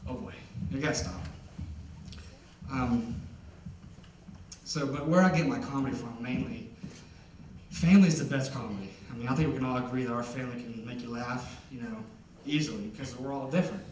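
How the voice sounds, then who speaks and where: A man's voice: mid-range voice, fairly quick, darkish tone, slight background noise. A man in his twenties doing stand-up comedy, rambling and chatty with lots of "like". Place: concert hall. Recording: roomy hall from a distance.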